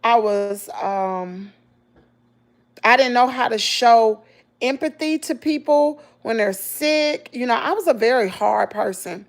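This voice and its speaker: A woman's voice: on the high side, slow. A middle-aged woman with a Southern accent, talking casually and emotionally to her viewers about hard times. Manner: emotional, animated storytelling, addresses viewers as y'all. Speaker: vlogger.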